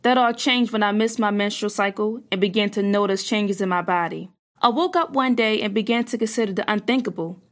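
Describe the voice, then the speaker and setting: Young woman reading a personal essay out loud, steady and earnest, middle pitch. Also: a little fast. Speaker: narrator of a personal story.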